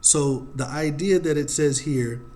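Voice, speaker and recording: A man teaching a Bible study in a casual, unhurried way, reading verses aloud and pausing often to think. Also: fairly high pitch, darkish tone.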